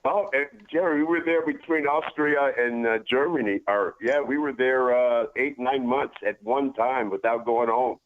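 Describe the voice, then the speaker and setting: A middle-aged man, a former wrestler and guest, telling stories in a relaxed, laid-back way. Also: medium pitch, normal speed, few pauses. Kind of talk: casual storytelling. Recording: tinny phone line.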